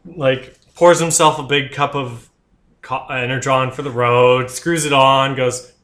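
Bright-voiced, amused male player. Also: medium pitch, fairly even intonation, a little slow. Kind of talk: casual tabletop narration.

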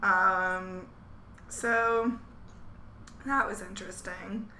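Bright-voiced woman chatting in an echoey room. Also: medium pitch, steady tone, very slow, slight background noise. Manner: chatty, acts out characters' lines in quotes. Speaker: podcast co-host. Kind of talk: casual chat.

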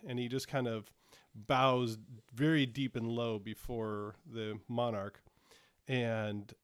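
A man's voice: mid-range voice, no room sound. Game master, man, casual hesitant narration, dry close sound. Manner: casual, hesitant, many fillers.

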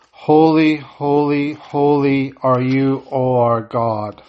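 A man leading a prayer service, chanting and intoning the prayers, with short plain-spoken asides between them. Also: medium pitch. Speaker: prayer leader. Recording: slightly dull lo-fi audio.

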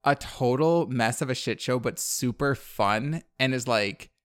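A young man rambles through a movie recap on a podcast, stacking up "like" and breaking into laughs. His voice sits at an ordinary pitch and sounds close and dry. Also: unhurried, no room sound. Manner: rambling, filler-heavy, laughing often. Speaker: podcast co-host. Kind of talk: casual chat recapping a movie.

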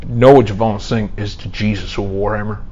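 A man's voice: lowish voice, normal speed, dull audio, slight background noise. A man trading jokes and rambling stories in casual banter. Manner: joking, rambling, animated bursts.

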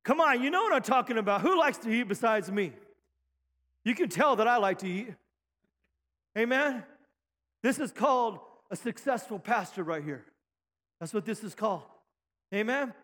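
A middle-aged male pastor preaching a rousing sermon, calling for amens and shouting at high points, with light jokes to the congregation. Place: church sanctuary. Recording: long reverb of a church hall.

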